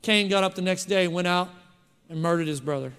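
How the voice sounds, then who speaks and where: A man's voice: high voice, brisk, fairly bright tone, clean tone. A man preaching a sermon as pastor, emphatic and often putting questions to the congregation. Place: church hall. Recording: long hall reverb.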